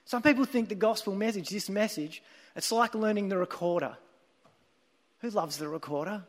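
A man preaches with earnest, emphatic storytelling. His voice sits high for a man, and a long reverb trails each phrase across the hall. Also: normal speed. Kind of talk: sermon.

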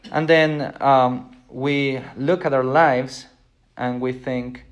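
A man's voice: medium pitch, fairly even intonation, takes it slowly, muffled recording. A middle-aged man teaching a Bible lesson in a conversational, earnest, self-deprecating way. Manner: earnest, self-deprecating, acts out quoted voices.

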